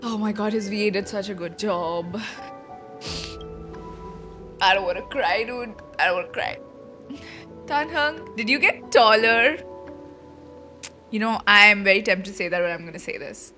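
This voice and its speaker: A woman streaming a game quest, reacting in an excitable, gushing and giggly way in casual commentary. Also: mid-range voice, moderate pace, pauses often, faint music behind.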